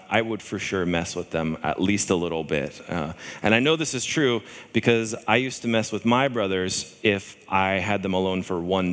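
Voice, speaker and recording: Low-voiced man preaching in a hall. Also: fairly bright tone. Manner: conversational, with fillers and restarts, acting out scripture voices. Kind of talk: sermon.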